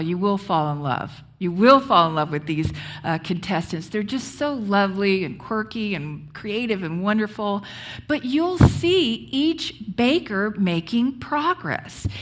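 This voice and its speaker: A woman pastor giving a conversational sermon, often checking in with her congregation. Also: medium pitch. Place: church sanctuary.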